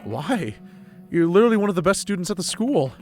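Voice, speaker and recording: A man's voice: sits high, big pitch swings, a little fast, soft background music. A man streaming a game, reading his character's lines aloud and joking between them.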